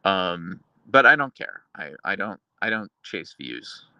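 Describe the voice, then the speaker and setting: A man's voice: sits low, sing-song, measured pace, pushed and bright, clear, resonant tone, no echo, dull audio. A man hosting a live stream, reading chat in a casual, rambling way with lots of fillers and sometimes talking to his dogs. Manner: baby-talks his dogs at times. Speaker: livestream host reading chat.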